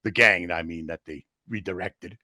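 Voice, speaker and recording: A man's voice: sits low, normal speed, bright, forceful tone, no room sound, studio quality. A man playing in a tabletop game who gives a casual, joking recap of the last session. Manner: joking, loose and chatty. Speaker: player giving the recap.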